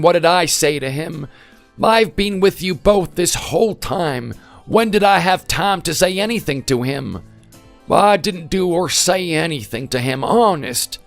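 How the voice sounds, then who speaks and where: A man's voice: a little high, creaky. A man voicing an aggrieved older father-in-law in a voice-acted text story, talking in a plaintive, self-pitying way. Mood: complaining.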